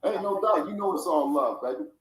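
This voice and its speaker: A man's voice: fairly high pitch, animated, fairly quick, fairly bright tone. A middle-aged man, a boxer's father, insistently arguing his point on a video call, repeating himself and swearing. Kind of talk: heated call with a fighter. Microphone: video call audio. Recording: roomy video call audio.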